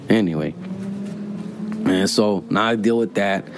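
A man's voice: on the low side, a little slow, noisy background. A man of forty, telling a rambling, profane, slang-heavy story in casual monologue. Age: 40s.

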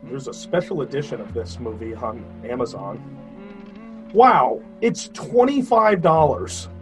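A man's voice: mid-range voice, expressive, takes it slowly, soft background music. A man chatting casually while watching a movie, rambling with restarts and laughing at what he sees. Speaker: movie commentary co-host.

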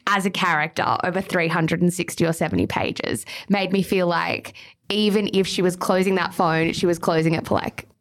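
A woman's voice: lowish voice, normal speed. A woman hosting a casual book club discussion, opinionated and reading passages aloud.

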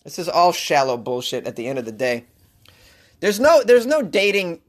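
This podcast host riffs sarcastically on strange news stories in a comedic commentary show, lively and breaking into mock voices. His voice is slightly high and he speaks at normal speed.

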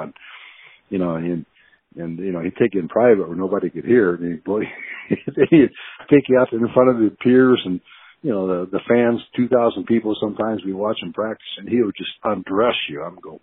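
A man's voice: fairly low pitch, moderate pace, husky. An older man, a former football player, telling stories with many fillers and chuckles. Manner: rambling, many fillers, laughs while recalling. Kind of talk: storytelling interview. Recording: tinny phone line.

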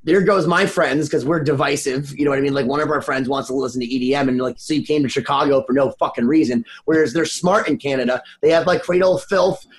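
A man's voice: medium pitch, quick pace, hardly any pauses. A man, a band member and wedding DJ, rambling and swearing freely in casual podcast chat. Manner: rambling, profane, excitable storyteller.

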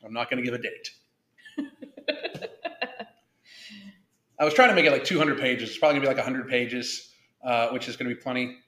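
Guy ranting on his podcast, swears a lot, mid pitch, roomy echo. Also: animated, a little fast, pauses often, fairly bright tone. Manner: profane, blunt and rambling. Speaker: podcast host. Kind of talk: casual podcast chat.

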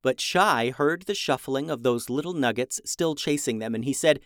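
A man narrating a children's adventure story in an animated, dramatic way. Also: mid-range voice, normal speed, few pauses, smooth, dry recording, studio quality. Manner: animated, dramatic rises in tension.

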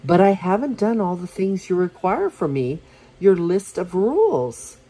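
A reader voicing a shy, inexperienced young woman in her early twenties who speaks in a hesitant, breathy way. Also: mid-range voice, big pitch swings, a little slow, a little mellow, exaggerated voice, poor audio.

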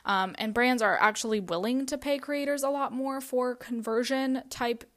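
A woman with a high, slightly bright voice hosts a solo podcast, offering advice at a moderate pace. She keeps it casual and conversational, leaning on "like" and "you know", and she has the hiccups.

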